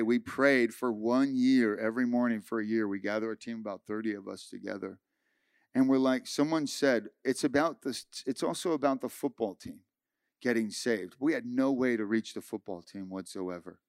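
A man pastor giving a sermon, telling a personal story with lively acted-out dialogue. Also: medium pitch, clean tone, dry recording, studio quality. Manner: animated storytelling, acting out dialogue. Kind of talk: sermon testimony.

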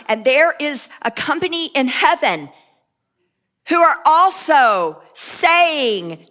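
A woman's voice: high voice, animated, measured pace, bright, forceful tone. A woman preaching a sermon with passion, mixing joking asides with fervent repeated cries.

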